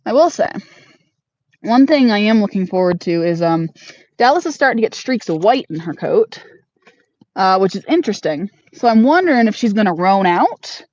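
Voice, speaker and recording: Homestead host, woman, mid pitch, casual chatter and baby talk to her pony, dull dry recording. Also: a little mellow, no echo. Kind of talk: casual livestream chat while grooming a horse. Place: horse barn arena. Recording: dull lo-fi sound.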